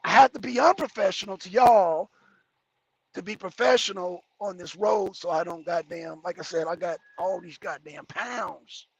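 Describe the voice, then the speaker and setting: High-voiced husky man chatting from his truck. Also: moderate pace, no echo, dull audio. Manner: rambling, joking, answers chat comments between driving remarks. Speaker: truck driver livestreaming to viewers. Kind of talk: casual livestream chat while driving. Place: cab of a heavy truck on the road.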